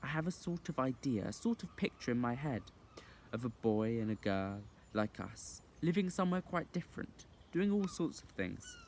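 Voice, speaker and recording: A man voicing a young, earnest and sensible girl in an audiobook reading, with a high, eager, urging voice. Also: big pitch swings, moderate pace, a little mellow, a little hiss or hum. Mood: dreamy.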